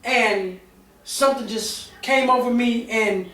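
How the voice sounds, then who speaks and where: A woman's voice: fairly high pitch, takes it slowly, fairly bright tone. A middle-aged woman on a talk show panel, candidly telling a personal story with many fillers and restarts. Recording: roomy sound from a distance.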